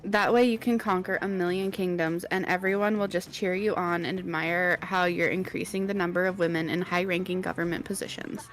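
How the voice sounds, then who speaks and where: A woman voicing a smooth-talking young male brand manager with an upbeat, persuasive manner. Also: fairly low pitch, fairly even intonation, brisk, few pauses, faint music behind, close to an everyday voice.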